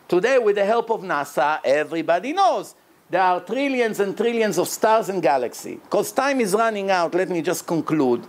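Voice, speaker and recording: A man, a rabbi who speaks natively, giving an emphatic religious lecture in English. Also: high voice.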